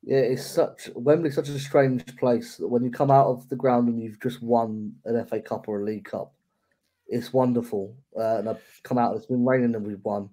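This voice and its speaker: A young man co-hosting a football podcast in casual chat, talking in a measured, reflective way. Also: medium pitch, fairly even intonation, dark tone. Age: young adult. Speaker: podcast co-host.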